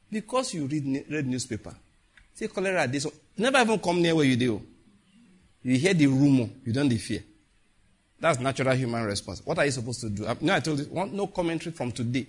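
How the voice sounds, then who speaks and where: A Nigerian pastor preaching with a husky, slightly raised voice. He jumps from loud, animated scolding to slow, solemn declarations, dropping Pidgin asides along the way. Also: a little high. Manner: animated, swings from shouted warnings to slow solemn prayer. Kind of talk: sermon.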